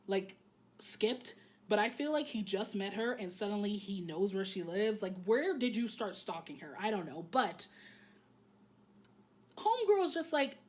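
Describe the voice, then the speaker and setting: A woman casually recapping an anime episode in a candid, joking way, swearing freely and filling pauses with "um". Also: a little high.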